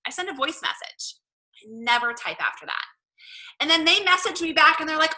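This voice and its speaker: A woman's voice: high-pitched, lively intonation, a little fast, sharp tone, low-quality recording. Bubbly Southern woman coaching her team. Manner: gushing, chatty, lots of "oh my gosh" and "like". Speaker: fitness coach. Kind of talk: casual coaching talk to team.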